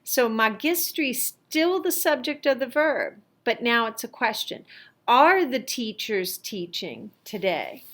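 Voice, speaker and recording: A middle-aged woman teaching a lesson, explaining slowly and carefully with the odd filler as she reviews worksheets. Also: a little high, animated, a bit bright. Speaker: Latin teacher.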